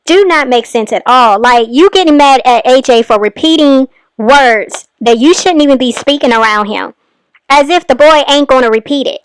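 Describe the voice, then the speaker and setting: A woman's voice: high voice, normal speed, smooth, no echo. A woman host giving exasperated, scolding commentary on a clip. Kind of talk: reaction commentary.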